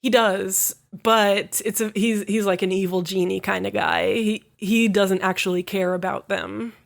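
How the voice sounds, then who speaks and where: Fast, giggly young woman recapping. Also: mid-range voice, fairly even intonation, vocal fry. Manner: quick, profane, giggly storytelling with many "like" fillers. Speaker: podcast co-host. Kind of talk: casual anime recap chat.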